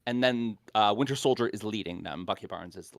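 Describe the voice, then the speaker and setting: A man's voice: on the low side, fairly quick, creaky, crowd noise. A man co-hosting a casual podcast, eagerly explaining comic-book lore at length. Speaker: podcast co-host. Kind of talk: casual chat.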